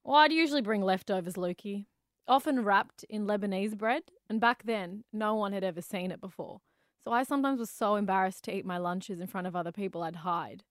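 A woman's voice: mid-range voice, fairly quick, no room sound, studio quality. A woman telling stories on a radio show, wry and teasing. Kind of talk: casual on-air chat.

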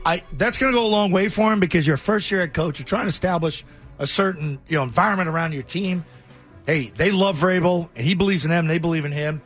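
A man hosting a sports talk show, jokey and quick to react in lively banter. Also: on the high side, soft background music.

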